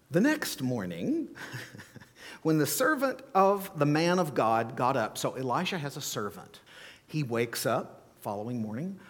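A man preaching as a pastor, telling the story in an animated way, acting out scenes with playful asides. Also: mid-range voice, slightly rough. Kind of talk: sermon. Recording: long hall reverb.

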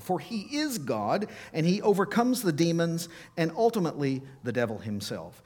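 A man preaching a sermon, reading scripture aloud with feeling and emphasis, slowing for dramatic pauses. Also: fairly high pitch.

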